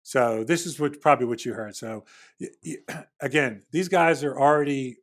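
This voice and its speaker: Speaking at a moderate pace in a medium pitch, this middle-aged man once worked as a security agent. Now a podcast guest, he tells a lengthy story casually, often starting over and performing the dialogue himself.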